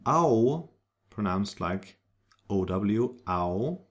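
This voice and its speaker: A language teacher gives a slow, deliberate pronunciation lesson, spelling out sounds and carefully repeating example words. His voice is lowish, sing-song and unhurried.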